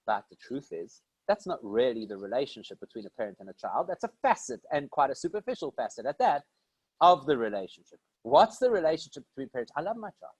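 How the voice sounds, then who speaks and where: A man's voice: mid-range voice, very animated, a little fast, breathy edge, dry recording, poor audio. A man from South Africa giving a conversational Torah lesson, posing questions and answering them himself. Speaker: rabbi teaching a class. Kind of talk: Torah lecture.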